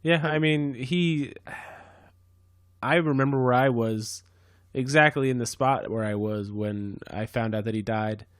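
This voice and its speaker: A man hosting a casual podcast chat, talking in a rambling, halting way full of restarts. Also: mid-range voice, no echo, clean studio sound. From San Diego, California. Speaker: podcast host.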